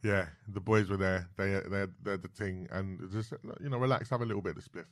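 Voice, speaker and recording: A man, a podcast guest talking in lively street slang. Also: low-pitched, no room sound, clean studio sound. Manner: animated, heavy slang, quick interjections. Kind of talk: casual chat.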